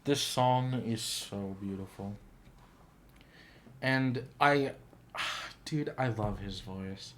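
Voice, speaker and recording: A man's voice: on the low side, very slow, long pauses, a bit bright, slight background noise. Earnest man reacting to a song. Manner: earnest, heartfelt, gushing. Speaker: YouTube reaction host. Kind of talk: casual reaction commentary.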